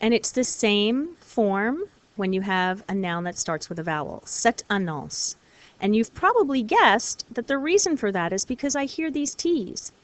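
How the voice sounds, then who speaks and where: A woman teaching a recorded lesson, explaining clearly and patiently, step by step. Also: on the high side, lively intonation, moderate pace, dry recording. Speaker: French teacher.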